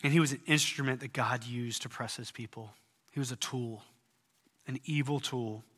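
A man preaching a sermon in earnest tones, rising at times to loud, emphatic peaks. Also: mid-range voice, steady tone, normal speed, husky, long reverb tail. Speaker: pastor.

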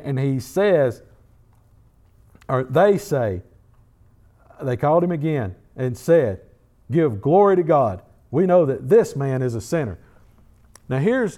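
A man's voice: mid-range voice, darkish tone. A middle-aged man preaching a sermon in a conversational way, often repeating words as he builds emphasis. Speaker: pastor.

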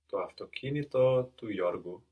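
A man's voice: fairly low pitch, animated, normal speed, husky, phone-quality sound. A man as a language student, giving short, careful answers and sometimes hesitating.

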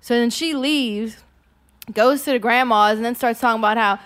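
A woman's voice: fairly high pitch, moderate pace, fairly bright tone. A woman casually retelling a movie plot, profane and sarcastic, slipping into exaggerated character voices. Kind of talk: casual comedic movie recap.

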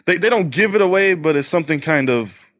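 A man's voice: on the high side, expressive, brisk, fairly bright tone, no room sound. A young man in casual chat about films, blunt, stammering on restarts and swearing.

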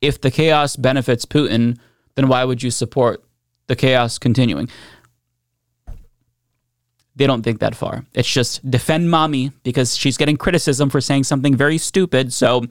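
A male political commentator talks bluntly and with biting sarcasm, swearing freely. His voice sits at an ordinary pitch. The recording is close and dry. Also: normal speed, no echo.

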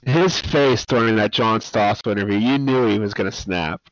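A man co-hosting a casual wrestling talk show, telling stories in a relaxed way and laughing often. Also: lowish voice, normal speed, no room sound. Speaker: podcast co-host. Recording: dry, dull lo-fi sound.

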